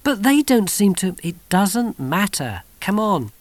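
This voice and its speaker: A man reading aloud, voicing a quiet, thoughtful teenage boy. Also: high voice, very animated, a little slow, no echo, voice pushed up. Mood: urgent.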